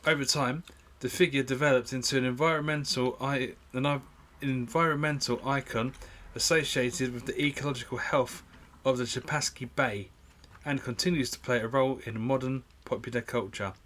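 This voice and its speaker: A man's voice: medium pitch, steady tone, moderate pace, hardly any pauses, a bit bright, slight background noise. A man co-hosting a casual podcast, joking and self-mocking, talking into a studio mic with a pop guard. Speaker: podcast co-host. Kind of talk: casual banter. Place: UK home studio.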